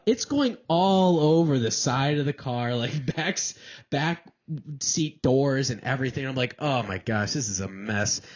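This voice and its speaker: A man's voice: medium pitch, husky, lo-fi sound. A young man on a podcast, telling a long embarrassing story in a rambling, self-deprecating way. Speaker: podcast co-host. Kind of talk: casual chat, telling a story.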